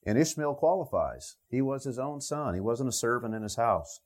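A man's voice: mid-range voice, big pitch swings, normal speed. A man preaching a Bible sermon, talking it through with the listeners in a conversational way. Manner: conversational, thinking aloud with the listeners. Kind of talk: expository sermon.

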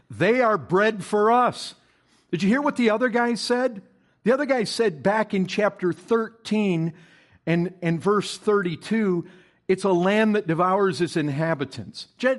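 A man preaching a sermon to his congregation, reading scripture aloud, asking the listeners questions and building to emphatic, stressed bursts. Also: a little high. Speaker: pastor.

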